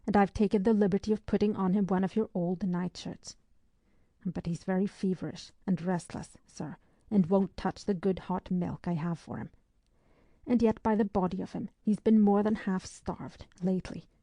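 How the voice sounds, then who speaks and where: A woman's voice: mid-range voice, steady tone, moderate pace, warm tone, no echo, lightly acted. A woman voicing a talkative, fussing, motherly housekeeper who nurses a sick young man in an audiobook.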